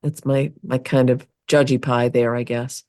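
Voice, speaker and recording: A woman's voice: very deep voice, flat delivery, normal speed, a little mellow, no echo, studio quality. A woman co-hosting a podcast who chats casually and answers in a supportive, affirming way. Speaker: podcast co-host. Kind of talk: casual chat.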